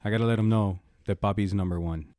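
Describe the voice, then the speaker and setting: A man co-hosting a podcast in casual chat, dropping into a low, slow radio voice on the mic. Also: steady tone, a little mellow. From Cuban and Puerto Rican heritage. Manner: lowers his voice and slows down on mic. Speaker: podcast co-host.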